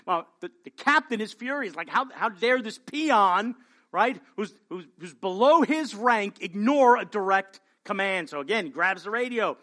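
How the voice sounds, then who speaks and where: Bright-voiced preacher, hushed to pleading. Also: male voice, high voice, expressive, a little slow. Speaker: pastor. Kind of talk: sermon.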